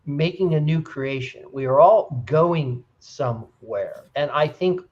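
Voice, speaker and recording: A man in an earnest group discussion, retelling stories with animated, rising emphasis. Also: on the high side, takes it slowly, highs cut off. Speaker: discussion participant. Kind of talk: casual discussion.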